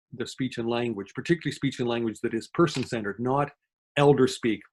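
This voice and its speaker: A man giving an online lecture as a guest speaker, talking quickly and explaining step by step, with frequent fillers and self-corrections. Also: medium pitch, darkish tone. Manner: fast-talking. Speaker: guest lecturer on dementia communication.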